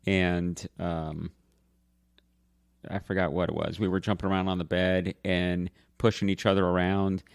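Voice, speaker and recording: A man's voice: low voice, unhurried, gravelly. A man co-hosting a casual podcast, telling family stories with laughter. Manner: animated storyteller, laughing while telling stories. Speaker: podcast co-host.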